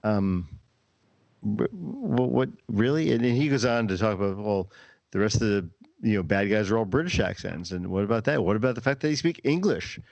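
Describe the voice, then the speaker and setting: Deep-voiced man hosting a podcast. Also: animated, vocal fry, a little mellow, no echo, lo-fi sound. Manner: rambling, halting, many restarts. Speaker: podcast host. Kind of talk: casual chat.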